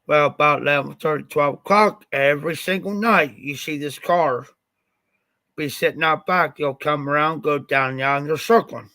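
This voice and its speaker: Bright-voiced man telling a rambling story. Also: a little high, moderate pace, dry recording. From Ohio. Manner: rambling, repeats "I said" often. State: slightly stuffed up after the flu. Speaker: livestream host. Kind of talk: casual storytelling on a livestream.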